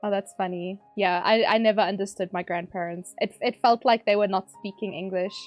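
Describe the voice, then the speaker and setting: A woman's voice: medium pitch, steady tone, fairly quick, faint music behind. Chatty woman streamer, laughing often. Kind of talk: casual chat while gaming.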